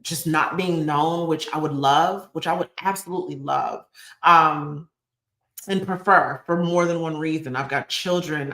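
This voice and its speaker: A woman's voice: low voice, a bit bright. Earnest woman in an echoey room. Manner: earnest, repeats phrases for emphasis. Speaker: YouTube channel host. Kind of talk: emotional motivational live chat.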